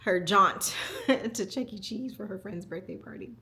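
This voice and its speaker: A woman in her forties shares a personal story in a relaxed home vlog. She talks in a reflective, candid way and laughs easily. Her voice sits at an ordinary middle pitch for a woman. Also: measured pace. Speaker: communication coach.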